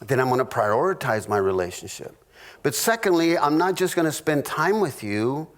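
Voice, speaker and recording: A middle-aged pastor teaches a marriage class in a humorous sermon, his mid-range voice very animated as he tells stories full of halting restarts and jokey asides.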